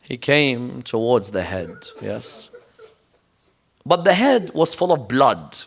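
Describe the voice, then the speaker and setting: A man's voice: medium pitch, big pitch swings, slow, vocal fry, husky. A man preaching a sermon in a mosque, telling the story emphatically and checking in with the audience with rhetorical questions. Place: mosque lecture.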